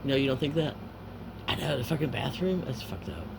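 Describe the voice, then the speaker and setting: A man's voice: medium pitch, very animated, a little fast, gravelly, noisy background. A man telling a rambling, profane anecdote, full of filler words and trailing asides.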